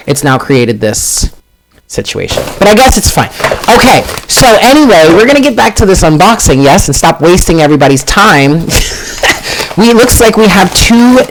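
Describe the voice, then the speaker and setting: A man hosting a casual live stream as a tarot reader, chatty, self-deprecating and quick to exclaim. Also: on the high side. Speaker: tarot reader and channel host.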